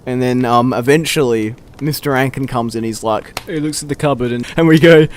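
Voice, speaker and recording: Brief: young guy, casual storyteller, laughs and curses a lot, mid-pitched voice. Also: brisk, hardly any pauses, a little hiss or hum. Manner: profane, laughing, animated quoting of friends. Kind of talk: casual anecdote telling.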